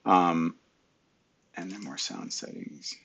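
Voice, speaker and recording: Gravelly low-voiced man muttering at his computer. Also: big pitch swings, slow pace, a bit bright, muffled recording, a little hiss or hum. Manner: mutters to himself and talks back to his computer. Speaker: live stream host. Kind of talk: casual screen-share talk. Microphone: webcam mic.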